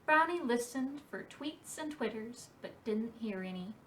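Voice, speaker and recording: A woman reading a picture book aloud at a library storytime for preschoolers, in a slow and expressive storybook cadence. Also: on the high side, far from the mic, slight background noise.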